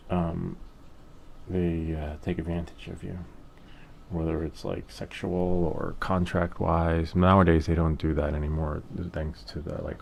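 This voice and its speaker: A man's voice: low-pitched, creaky, a little hiss or hum. A middle-aged man hosting a hobby painting channel, telling a rambling, candid story in a casual way with the odd curse word. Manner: rambling, candid, occasional swearing.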